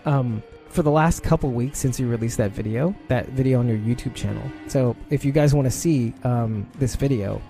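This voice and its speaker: A rambling podcast host chats casually into a desk mic at home, his voice mellow and gravelly. Soft music plays faintly underneath. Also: medium pitch, normal speed, hardly any pauses. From Brooklyn, New York. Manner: rambling, chatty, frequent laughs and fillers. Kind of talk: casual live-stream chat.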